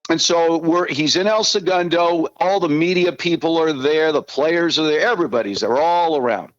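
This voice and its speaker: A man in his sixties, a podcast guest, telling animated, profane anecdotes in casual talk. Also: a little high, moderate pace, dry recording, lo-fi sound. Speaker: podcast guest, former team spokesman.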